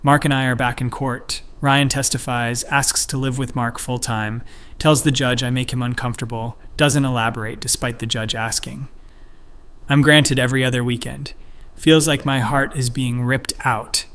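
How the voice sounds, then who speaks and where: Male narrator for a read-aloud online story, mid-pitched, steady and measured delivery. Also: clean tone.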